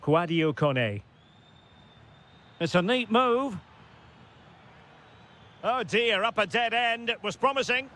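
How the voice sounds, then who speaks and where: A man giving excitable play-by-play football commentary for a video game, calling player names in short clipped bursts and shouting at goals. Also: high-pitched, slow pace, pauses often.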